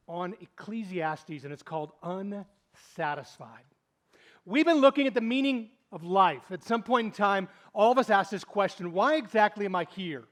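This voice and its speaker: Male pastor, higher-pitched voice, animated sermon storyteller. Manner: animated storytelling, swinging between loud and hushed.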